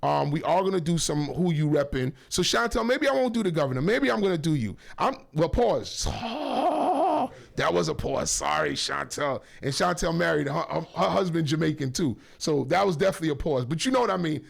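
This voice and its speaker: A male radio host with a gravelly, fairly high voice, talking loosely into a studio mic. He rambles and jokes, corrects himself often, and keeps sending shout-outs. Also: lively intonation, brisk, few pauses. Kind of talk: casual talk radio.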